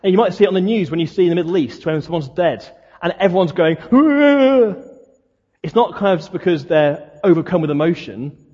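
A man's voice: a little high, quick pace, darkish tone, husky. A man preaching a sermon, talking conversationally and asking the listeners many questions. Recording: dull lo-fi sound, long hall reverb.

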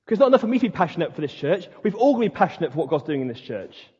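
Passionate high-voiced man preaching in a hall. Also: big pitch swings, warm tone, breathy edge. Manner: passionate, emphatic preaching with dramatic pauses. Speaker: pastor. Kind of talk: sermon. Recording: dull sound in a hall with long reverb.

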